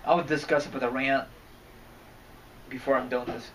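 A man's voice: mid-range voice, steady tone, moderate pace. A man giving a rambling, casual rant as a wrestling fan vlogger, cursing and getting irritated as he goes. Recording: distant mic, faint background noise.

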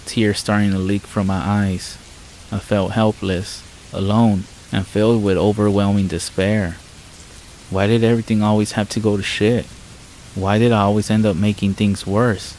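A man reads a scripted horror story in the first person, measured and somber. His voice sits low with a flat, even melody. Soft rain patters faintly behind him. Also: a little hiss or hum, rough recording. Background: faint rain sounds.

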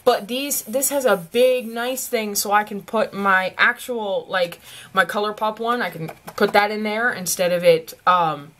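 A woman's voice: medium pitch, unhurried, a bit bright, slight background noise. A young woman with a Southern US accent, gushing and giggling as she opens gifts in a casual home vlog. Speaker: vlogger. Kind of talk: casual gift-opening vlog. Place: at home by her desk.

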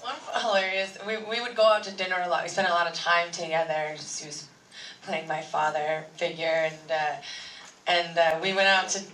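Woman, bright tone, giggly, rambling, convention panel, far off in a big echoey hall. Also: lowish voice, little pitch movement, normal speed. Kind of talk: animated anecdote-telling. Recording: echoey hall, far from mic, faint noise.

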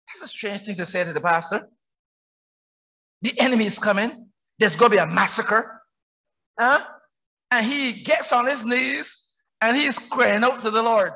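Barbadian male pastor, very high and bright voice, emphatic sermon with rhetorical questions that build to shouts. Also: unhurried. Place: church.

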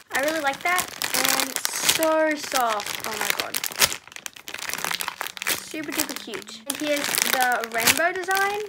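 A teenage girl reviewing squishy toys in a casual, gushing way, sometimes dropping to a soft murmur. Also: high voice, very noisy. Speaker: squishy haul vlogger.

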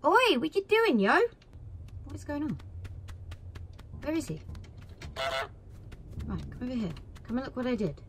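Excitable woman gamer, high and lively. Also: a little slow, long pauses, a little hiss or hum. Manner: excitable, shouts and cheers at the game. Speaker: gaming video creator. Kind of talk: let's play commentary.

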